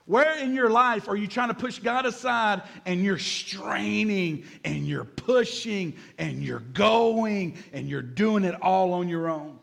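A male pastor delivering a sermon in an animated, dramatic way, acting out asides. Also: high-pitched, vocal fry.

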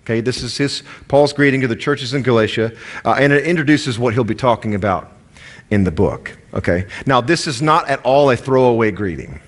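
A man's voice: mid-range voice, lively intonation, brisk. A man with a Southern American accent preaching a sermon in a conversational way, with asides and stories. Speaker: pastor.

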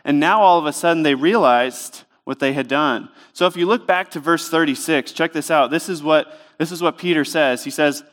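A man's voice: a little high, moderate pace, hardly any pauses, a bit bright. A man preaching a sermon in a church, speaking in a conversational, emphatic way with lots of rhetorical questions. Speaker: pastor.

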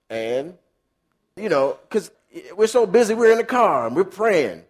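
A man preaching a sermon in an animated, conversational way, acting out quotes. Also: high-pitched, moderate pace. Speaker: pastor.

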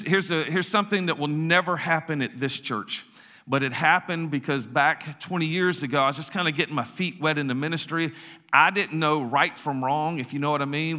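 A man preaches to young people, rambling and restarting as he jokes about himself. His voice is bright and a little high. The sound rings with the long reverb of a church hall. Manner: joking, self-deprecating, rambling with restarts. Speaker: youth pastor. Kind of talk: casual sermon with storytelling.

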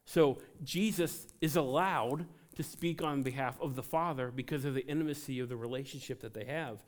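A man preaching a sermon to a congregation, animated, with joking asides between scripture readings. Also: mid-range voice, moderate pace. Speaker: pastor.

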